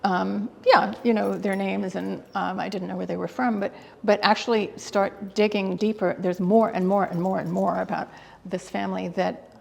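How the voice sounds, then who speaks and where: A woman's voice: medium pitch, gravelly, a little mellow. A woman curator talking in an interview, enthusiastic and hesitant, with many fillers and restarts. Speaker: guest curator. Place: exhibit hall. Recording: long hall reverb.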